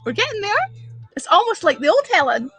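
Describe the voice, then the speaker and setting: A woman's voice: extremely high pitch, sing-song, fairly quick, fairly bright tone, no room sound, faint music behind. A woman chatting with viewers on a livestream, blunt and full of swearing as she rants. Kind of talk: casual live-stream chat.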